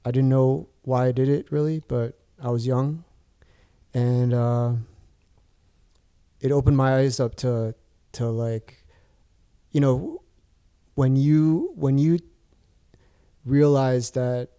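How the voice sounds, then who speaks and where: Mellow-voiced man rambling through a story. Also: medium pitch, fairly even intonation, slow pace, long pauses, clean tone. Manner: rambling, many restarts and fillers. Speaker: podcast guest. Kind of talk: casual storytelling chat.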